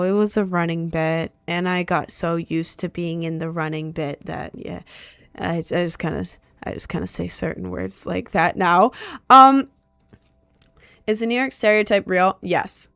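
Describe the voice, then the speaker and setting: A woman's voice: lowish voice, steady tone, measured pace, creaky, fairly bright tone, smooth, no room sound, studio quality. A young woman from Maryland chatting casually to camera in a rambling way, full of "like". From Maryland, USA. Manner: rambling, heavy filler "like".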